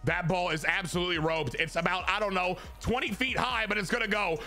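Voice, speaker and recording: A young man giving excitable live commentary on his own baseball video game, jumping from loud hype to muttered grumbles. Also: sits high, a little fast, faint music behind. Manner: excitable, swings from hyped shouting to muttered grumbling. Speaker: gaming YouTuber.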